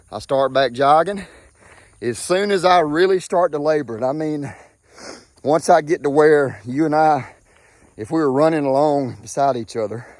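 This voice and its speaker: A man's voice: mid-range voice, dry recording. Breathless Southern man, folksy vlog while walking outdoors, Mississippi drawl. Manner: folksy, drawling, keeps saying okay. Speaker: vlogger.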